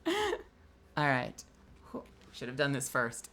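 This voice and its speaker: Woman streamer, slightly low voice, chatty and excitable, casual swearing, laughs a lot while signing. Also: normal speed, pauses often. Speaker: voice actor streaming an autograph signing.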